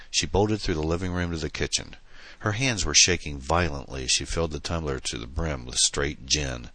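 A man's voice: very deep voice, a little fast, a bit bright, no echo. A man reading a novel aloud in dramatic, tense scripted narration. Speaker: audiobook narrator.

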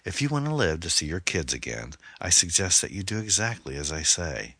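A man's voice: low voice, big pitch swings, a little fast, sharp tone, no echo, heavily acted. A man doing a cold, menacing stalker. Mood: threatening. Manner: cold, commanding, mocking menace. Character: menacing, controlling male stalker-killer.

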